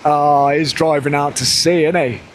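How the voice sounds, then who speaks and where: A man with a fairly high voice chats casually to camera as a vlogger, rambling and correcting himself. He starts outdoors and then moves inside a parked van, with a little hiss or hum on the recording.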